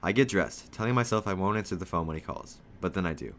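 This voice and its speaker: A man with a notably low voice reads a children's novel aloud. He keeps a steady first-person storytelling pace and gives the dialogue only light shading. A faint hiss sits under the reading. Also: fast talker, vocal fry.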